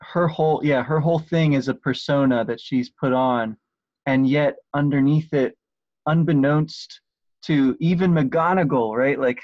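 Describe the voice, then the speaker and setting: A man's voice: medium pitch, a little mellow, no echo. Hesitant man on a dull, dry mic. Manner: hesitant, lots of "like" and "um", searching for words. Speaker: podcast co-host. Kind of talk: casual book discussion.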